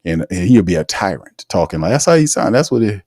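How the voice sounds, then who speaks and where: Guy hosting a sports show, real low voice, rambles and throws slang around, dry close mic. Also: brisk, slightly rough, dry recording. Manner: animated, rambling, slangy, opinionated. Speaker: sports talk show host. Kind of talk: casual live sports commentary.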